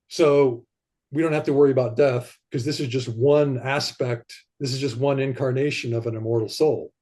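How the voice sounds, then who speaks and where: A man talking as a podcast guest in casual conversation, rambling and animated, and sometimes acting out the voices he quotes. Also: medium pitch.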